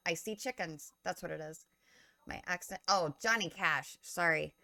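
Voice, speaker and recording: A woman co-hosting a podcast, chatting casually and rambling, often losing her train of thought and filling pauses with "um.". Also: fairly low pitch, creaky, sharp tone, dry recording, studio quality. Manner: filler-heavy, self-correcting. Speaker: podcast co-host. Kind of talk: casual live-stream chat.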